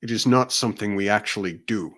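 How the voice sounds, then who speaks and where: A man's voice: lowish voice, quick pace. A man reading a terse, curt island trapper. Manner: curt, flat. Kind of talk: amateur read-aloud of a fantasy story.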